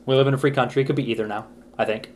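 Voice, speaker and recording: A man co-hosting a podcast, chatting casually with friends, animated and quick to laugh. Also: medium pitch, a little hiss or hum. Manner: animated, jokey, breaks into laughter. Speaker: podcast co-host. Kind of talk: casual chat.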